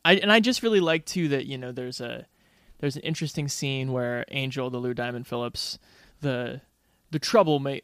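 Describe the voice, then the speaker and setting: A man's voice: medium pitch, smooth, no room sound, studio quality. A man co-hosting a podcast in casual film discussion, searching for words as he talks. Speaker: podcast co-host.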